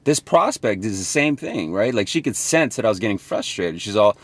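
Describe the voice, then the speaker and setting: A man's voice: fairly low pitch, animated, fairly quick, no room sound. Casual, rambling young man talking in his car. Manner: casual, rambling, swears, acts out calls. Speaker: sales coach vlogger. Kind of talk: casual motivational talk.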